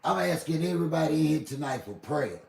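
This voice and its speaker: An older man hosting a live stream. His voice is gravelly and grainy, and it bounces around an echoey room. He talks to his chat in a heated, preachy way. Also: on the high side, animated, quick pace. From Southern US. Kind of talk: emotional live stream talk.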